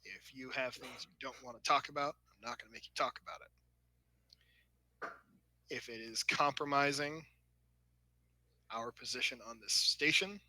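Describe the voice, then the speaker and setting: A man playing a starship officer in a tabletop role-play, speaking in a calm, measured way. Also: medium pitch, no room sound, rough recording. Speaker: player voicing a starship officer.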